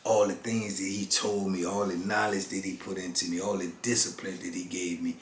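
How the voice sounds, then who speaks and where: A lower-pitched man in his fifties recounts his own story, earnest and halting, circling back over his words. The room is roomy and echoey, with faint ambience underneath. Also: little pitch movement, slight background noise. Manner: halting, earnest, many restarts and "you know what I'm saying". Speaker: formerly incarcerated channel host. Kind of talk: personal storytelling.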